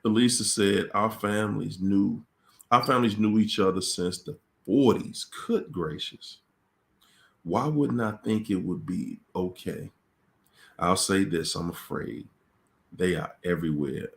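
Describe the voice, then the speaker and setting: A man's voice: low voice, steady tone, a little slow, vocal fry. A man hosting a live question-and-answer stream, talking casually and dramatically, repeating phrases for emphasis and acting out voices in quoted dialogue. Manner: casual and conversational. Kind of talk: livestream talk on relationships.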